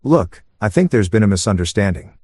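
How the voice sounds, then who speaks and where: Casting: narrator doing a frantic condescending banker, low voice, dry. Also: male voice, very animated, fairly quick, darkish tone, breathy edge, no room sound. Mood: wheedling. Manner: panicked, pleading. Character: panicking condescending male banker.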